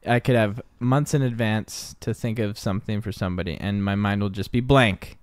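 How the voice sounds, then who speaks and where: A man with a fairly low voice chats as a podcast co-host, drifting through anecdotes with stops and restarts. He slips into little acted-out quotes along the way. The mic sound is close and dry. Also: dry recording. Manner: rambling storyteller, halting restarts, acts out quotes. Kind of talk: casual chat.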